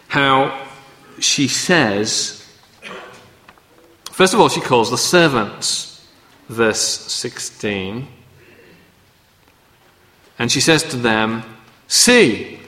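A man delivers a teaching sermon in a bright, forceful voice. He often restarts his sentences and checks in with his listeners through tag questions. The sound rings out with the long reverb of a large hall. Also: medium pitch. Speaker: preacher. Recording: echoey hall.

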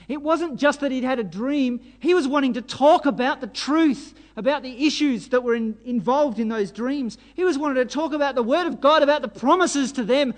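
A man delivers a sermon in an unusually high voice. He preaches with fervour and drives his points home with rhetorical questions. A long hall reverb trails after every phrase. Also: animated, a little fast, few pauses. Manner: fervent, exhorting, rhetorical questions.

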